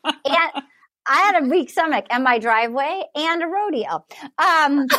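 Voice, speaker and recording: A woman co-hosting a podcast, casually recapping a dating show in an animated, rambling way with lots of swearing and filler words. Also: high voice, slow pace, no echo. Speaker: podcast co-host.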